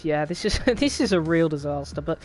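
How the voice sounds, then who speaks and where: Man, young adult, stream host, casual rambling chat, wry chuckles, slightly high pitch. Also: lively intonation, moderate pace. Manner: rambling, wry, laughs often at the chaos.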